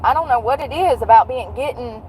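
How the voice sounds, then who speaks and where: A woman's voice: fairly high pitch, a little fast, a little hiss or hum, rough recording. A woman, chatting bluntly and jokingly to a livestream from her car. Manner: blunt, joking and animated, with frequent laughs. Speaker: livestream vlogger. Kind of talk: casual chat to a livestream.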